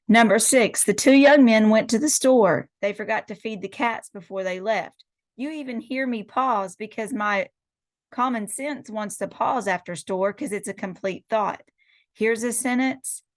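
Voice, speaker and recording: A middle-aged woman teacher works through quiz answers in a methodical way, pausing on rhetorical questions before she gives each answer. Her voice sits at a middle pitch for a woman. The recording is dry and close, with no room sound. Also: dry recording. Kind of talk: recorded lecture going over quiz answers.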